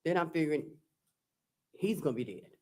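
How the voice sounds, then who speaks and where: A woman testifying as a defendant in court. She reads text messages aloud in a slow, halting, plain-spoken way, recounting each exchange with "I said" and "he said.". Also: low voice, lively intonation, a little mellow.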